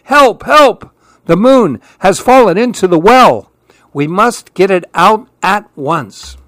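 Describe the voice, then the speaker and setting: A man voicing the oldest monkey, stern and alarmed, shouting loudly in a storybook reading. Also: fairly high pitch, lively intonation, unhurried, no echo. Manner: loud, shouting commands.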